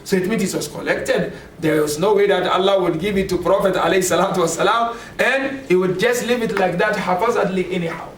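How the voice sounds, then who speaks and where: High-voiced man teaching in an echoey room. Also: fairly quick, few pauses. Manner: conversational, often asks the class "you know". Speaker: religious teacher. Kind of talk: classroom lecture on scripture. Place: classroom at a community center. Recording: echoey room from far off, faint noise.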